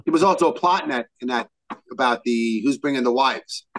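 A man's voice: mid-range voice, a little fast. A man co-hosting a casual chat, teasing and joking with the others.

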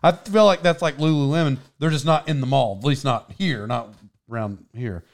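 A man's voice: mid-range voice, normal speed. A man telling rambling stories in casual chat, laughing as he goes.

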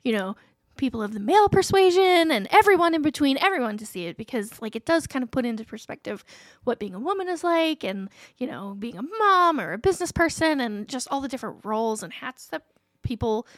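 Lively high-voiced chatty woman. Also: fairly quick, no echo, studio quality. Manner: chatty, laughs often, says "like" a lot. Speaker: podcast co-host. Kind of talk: casual chat.

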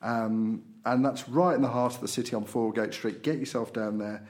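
A man's voice: mid-range voice, fairly even intonation, a little fast, a little mellow. A man hosting a podcast, chatting casually through local and political news with frequent fillers. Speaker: podcast host.

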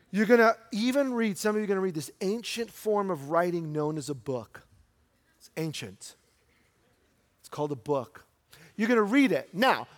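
A middle-aged man preaching a sermon in a church, conversational, asking rhetorical questions and slowing down for emphasis. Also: high voice. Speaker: pastor. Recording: long hall reverb.

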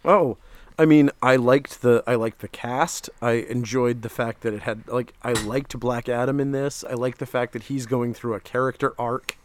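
A man's voice: medium pitch, fairly even intonation, moderate pace, a little hiss or hum. A man co-hosting a casual chat about comics, talking with enthusiasm. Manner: enthusiastic, laughs easily. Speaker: podcast co-host.

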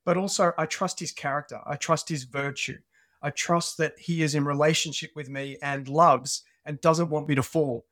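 Animated Australian man, dry close sound. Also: fairly high pitch, normal speed, dry recording. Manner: animated storyteller. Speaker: podcast guest. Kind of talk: conversational interview.

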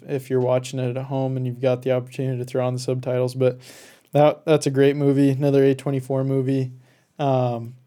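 A man with a mellow, warm voice talks easily on a podcast. He chats casually and with enthusiasm, with plenty of fillers. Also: mid-range voice. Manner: relaxed, enthusiastic, fillers and restarts. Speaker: podcast co-host. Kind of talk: casual chat about movies.

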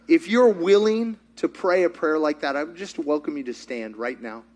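A man's voice: fairly high pitch, moderate pace, few pauses, darkish tone. A man preaching as a pastor, telling a story and then leading a fervent prayer. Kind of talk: sermon and prayer.

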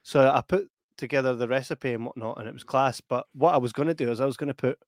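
Sweary laughing Scottish podcast host. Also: male voice, mid-range voice, fast talker, no room sound, studio quality. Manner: sweary, laughing, animated storytelling. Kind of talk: casual chat.

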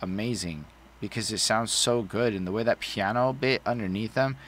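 A man with a lowish voice chats casually about a record, swearing freely and wandering from point to point. A faint hiss of noise sits under his voice. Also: normal speed, a bit bright. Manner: loose, profane, rambling. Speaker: podcast co-host reviewing an album. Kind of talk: casual album review chat.

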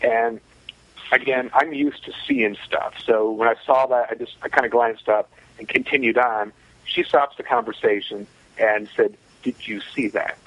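A man recounts a story in an easygoing, matter-of-fact way, with plenty of "you know" fillers. His voice sits at an ordinary pitch. The sound is dry and a little muffled. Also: expressive, normal speed, fairly bright tone, dry recording. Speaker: guest telling a personal story. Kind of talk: casual storytelling.

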